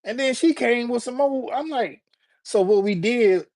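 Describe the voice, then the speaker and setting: A man's voice: very high voice, unhurried, a little mellow, dry recording. A man hosting a live stream, chatting loosely with his viewers in a joking way and using plenty of slang. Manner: loose, joking, talks straight to the chat with slang. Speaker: livestream host. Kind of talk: casual live-stream chat, reacting to viewers.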